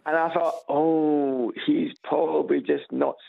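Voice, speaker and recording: A man from Scotland with an Edinburgh accent, calling a radio show on a speakerphone and chatting in a halting, repetitive way with dry humor. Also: a little high, steady tone. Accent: Edinburgh Scottish. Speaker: radio caller. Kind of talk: casual phone-in chat. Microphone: phone on loudspeaker. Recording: gravelly voice over a tinny phone line.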